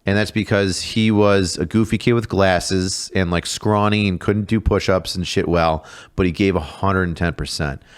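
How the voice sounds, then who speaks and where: A man's voice: low voice, normal speed, few pauses, clear, resonant tone. Profane storytelling former drill sergeant, man. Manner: animated, profane, acts out shouted exchanges. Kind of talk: casual storytelling.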